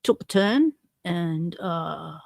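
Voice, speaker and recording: A woman's voice: lowish voice, animated, extremely slow, gravelly, darkish tone. An Australian woman chatting unhurriedly as she hosts a live stream. She greets viewers by name and pokes fun at herself. Her voice sounds dry and close, with no room echo. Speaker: livestream host. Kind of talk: casual livestream chat.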